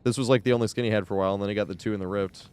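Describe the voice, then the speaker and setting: A man's voice: fairly low pitch, steady tone, rapid-fire, darkish tone, clear, resonant tone. A man chatting casually during a live game stream, rambling and laughing, swearing freely.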